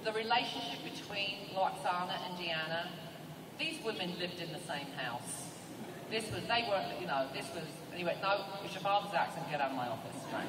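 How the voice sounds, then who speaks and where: Playful English woman, comic panel storyteller, bouncy pitch, distant echoey hall recording over a loud crowd. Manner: animated, playful, teasing asides to the crowd. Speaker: convention panel guest. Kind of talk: comic storytelling to a live audience. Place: large convention hall. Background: audience laughter and crowd noise.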